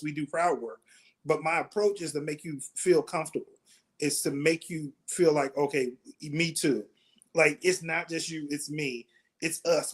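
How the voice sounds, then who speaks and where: Male comedian guest, fairly high voice, lively storyteller who acts out quoted lines. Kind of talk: casual interview chat.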